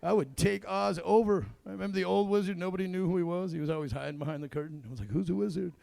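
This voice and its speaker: Gravelly high-voiced stand-up comedian. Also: male voice, rapid-fire, a little mellow, no echo. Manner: crude, rambling, acts out quotes. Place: comedy club stage in a casino.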